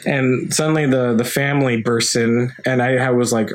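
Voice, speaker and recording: A man's voice: mid-range voice, fairly even intonation, normal speed, few pauses. A young man co-hosting a podcast, casually recapping a movie in a rambling way, laughing often and swearing. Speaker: podcast co-host.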